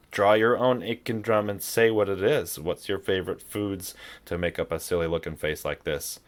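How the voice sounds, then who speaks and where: A man's voice: low voice, steady tone, normal speed. A man teaching an online music lesson for kids, playful and demonstrative, with a lot of singing and voice play. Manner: playful, sings and demonstrates voice sounds.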